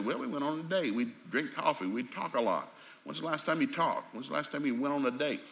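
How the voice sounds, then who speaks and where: A middle-aged man preaching a sermon in a folksy, animated, joking storytelling manner. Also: mid-range voice.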